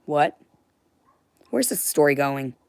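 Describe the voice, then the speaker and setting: A woman's voice: sits low, animated, slow pace, vocal fry, a little mellow, smooth, no echo, clean studio sound. A woman delivering a heated, rambling monologue to her viewers, swearing freely as she goes. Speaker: livestreamer.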